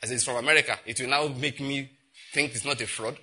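A middle-aged Nigerian man preaching a sermon, telling stories and acting out conversations in an animated way. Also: fast talker, breathy edge. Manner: animated storytelling, acts out exchanges with rising pitch and laughter. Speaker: pastor.

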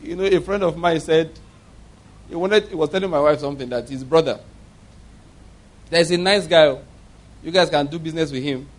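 A man preaching a sermon, from Nigeria, moving between quiet storytelling and loud exhortation and asking the congregation rhetorical questions. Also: moderate pace, pauses often. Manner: swings between low murmurs and loud exhortation.

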